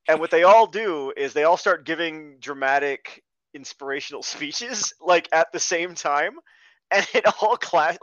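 A man co-hosting a podcast, chatting casually about films in an animated, storytelling way. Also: a little high, no echo. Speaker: podcast co-host. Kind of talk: casual film review chat. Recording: dull, dry lo-fi mic.

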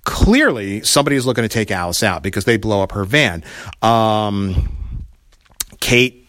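A man's voice: fairly low pitch, expressive, normal speed, a bit bright, no echo, studio quality. A man casually recapping a TV episode, rambling and retelling scenes with quoted lines.

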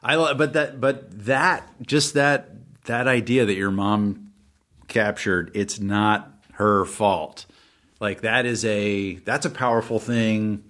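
A man in casual podcast talk, reflective and pausing as he searches for words. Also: mid-range voice, a bit bright.

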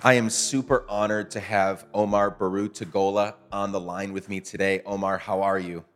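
This man hosts a conversational podcast interview, joking casually and poking fun at himself in a groggy morning voice. His pitch is fairly low with little movement, and his pace is moderate, with faint music behind.

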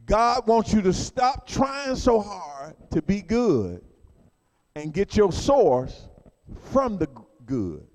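A man's voice: high voice, very animated, slow pace, darkish tone, in a large hall. A male pastor preaching a fervent sermon, colloquial and repeating phrases for emphasis, calling on the congregation to respond.

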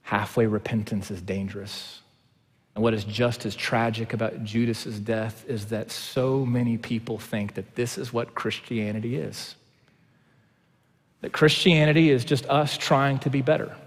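Man, pastor, sermon, mid-pitched voice, quiet to impassioned, long church-hall reverb. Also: fairly even intonation, a little slow, breathy edge. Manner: swings from quiet, low delivery to loud, impassioned preaching. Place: church sanctuary.

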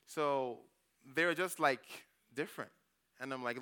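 A man gives a conversational sermon as a church elder. His voice is bright and smooth. He tells personal stories, acts out his own reactions, and keeps checking in with the congregation. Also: mid-range voice, measured pace. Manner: storytelling, frequent "okay?" checks with the congregation.

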